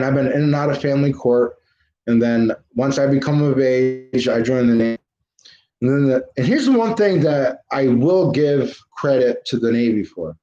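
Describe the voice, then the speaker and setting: A man's voice: medium pitch, warm tone. A man hosting a livestream in a casual, ranting style, hammering his points with emphatic repetition. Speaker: livestream host. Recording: roomy, dull lo-fi livestream audio.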